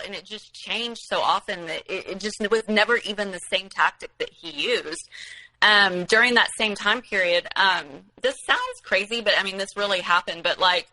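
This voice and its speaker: A woman's voice: medium pitch, bright, forceful tone, low-quality recording. A woman recounting her own experience as a guest in casual storytelling, rambling with many fillers and restarts.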